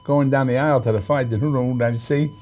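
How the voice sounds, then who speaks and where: A man's voice: medium pitch, fairly even intonation, brisk, darkish tone. An older man, a boxing trainer and manager, telling long rambling stories in an interview, with many fillers and restarts. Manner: rambling, full of fillers and restarts, acts out quoted lines. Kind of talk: storytelling in an interview.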